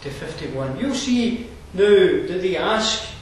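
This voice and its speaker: Scottish guy preaching, kinda high voice, lots of uh's and restarts, sounds far off in a really echoey room. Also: animated, slow pace. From Scotland. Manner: conversational, digressive, frequent fillers and restarts. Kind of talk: sermon.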